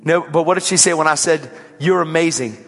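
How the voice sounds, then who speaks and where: A man preaching a sermon, telling a story with lively swings between loud and hushed. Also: fairly high pitch, brisk, in a large hall, soft background music.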